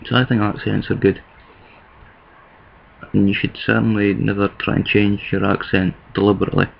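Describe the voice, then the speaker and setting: A low-voiced Scottish man talks straight to camera in a loose, rambling vlog, his tone flat and gravelly as he thinks aloud and restarts his sentences. The recording is dull and lo-fi. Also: normal speed, a little hiss or hum. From east of Scotland. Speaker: vlogger. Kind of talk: casual talking-to-camera vlog.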